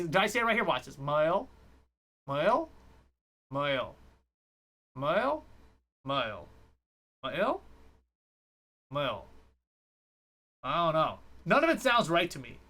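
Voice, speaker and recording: Fast-talking casual esports commentator, man. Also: sits high, bright, forceful tone. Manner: fast-talking, rambling and jokey. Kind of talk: casual solo live-stream commentary.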